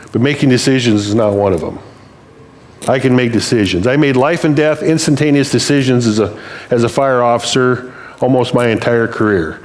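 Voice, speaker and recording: A man's voice: medium pitch, a little mellow. An older man giving a sermon in a church, speaking plainly and conversationally as he tells stories. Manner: storytelling, conversational, plain-spoken. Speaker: preacher.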